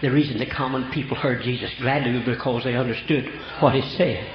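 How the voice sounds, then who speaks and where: A man's voice: mid-range voice, steady tone, quick pace, a crowd in the background. An older man preaching a folksy storytelling sermon, from Oklahoma, with homespun rural grammar. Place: church. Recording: echoey church room, dull lo-fi sound.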